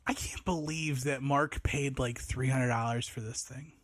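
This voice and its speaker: A man's voice: medium pitch, fairly even intonation, measured pace, no echo. A man co-hosting a casual podcast chat, reading prices and listings aloud in an offhand way. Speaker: podcast co-host.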